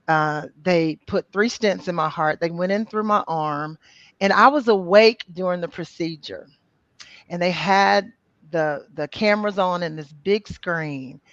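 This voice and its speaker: A middle-aged woman recounting her own story as an interview guest, animated and full of "you know" and "um" fillers. She acts out the voices of people she quotes. The sound is dry and a bit dull, like a lo-fi recording. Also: on the low side, no room sound.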